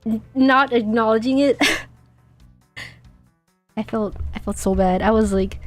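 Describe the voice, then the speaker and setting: A young woman streaming a game, chatting casually in a giggly, rambling, self-deprecating way, her throat a little dry and husky. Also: on the high side, slow, pauses often, faint music behind. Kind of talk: casual gaming stream chat.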